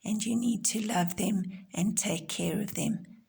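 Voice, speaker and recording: A woman teacher giving a recorded home-learning lesson to young children, explaining gently and simply. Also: mid-range voice, measured pace, creaky, breathy edge. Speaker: primary school teacher.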